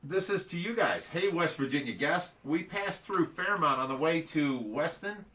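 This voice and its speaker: A man's voice: on the high side, lively intonation, moderate pace, pushed and bright. A man co-hosting a casual livestream, reading chat messages aloud and joking often. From Ohio, United States.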